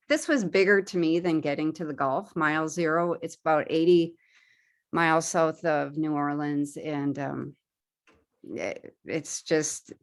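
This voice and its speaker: A woman with a notably low voice gives a relaxed slideshow talk to a club audience. She talks in an easygoing, chatty way and points out places on her pictures as she goes. She often stops to restart a thought or fill a pause. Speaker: guest speaker at a paddling club.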